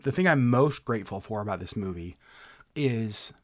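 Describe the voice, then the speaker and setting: A man's voice: on the low side, lively intonation, moderate pace. Earnest, enthusiastic male podcast co-host. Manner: earnest and enthusiastic, often restarts sentences. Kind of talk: casual conversational podcast chat.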